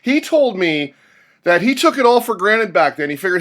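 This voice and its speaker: A man's voice: high voice, expressive, a little fast, fairly bright tone. A man hosting an interview, asking questions and telling anecdotes in a conversational way. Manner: conversational, storytelling. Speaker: interviewer host.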